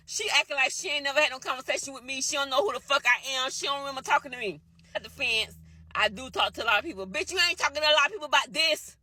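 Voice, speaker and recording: A mother ranting furiously to camera, cursing and shouting about her landlord. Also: sits high, quick pace. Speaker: tenant posting a video. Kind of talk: angry rant to camera.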